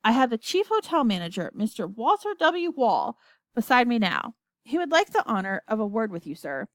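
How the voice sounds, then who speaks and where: A woman's voice: a little high, sing-song, moderate pace, no echo. A woman doing a folksy astronaut radioing in.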